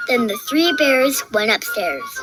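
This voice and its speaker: A woman narrating a children's story in a clear, lively storytelling voice. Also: on the high side, slow, poor audio. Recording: studio narration with soft music behind.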